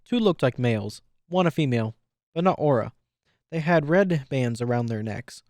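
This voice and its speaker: A man reads a first-person adventure story aloud at an easy, steady pace. His voice sits in a plain middle register. The recording is bone dry and close to the mic. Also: medium pitch, moderate pace, no echo. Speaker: audiobook reader. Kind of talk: reading fan fiction aloud.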